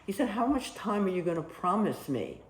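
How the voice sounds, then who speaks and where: A woman's voice: mid-range voice, brisk. A woman telling stories in a casual interview, acting out the voices of the people she quotes. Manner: animated, acts out quoted dialogue. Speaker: storyteller recalling nursing work abroad. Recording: roomy with faint ambience.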